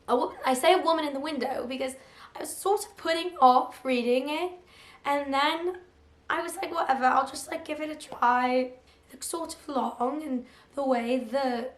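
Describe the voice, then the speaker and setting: A hoarse woman putting on a playful English accent and using mock-British slang while she chats about books. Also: high voice. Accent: put-on English. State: hoarse, recovering voice. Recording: roomy echo.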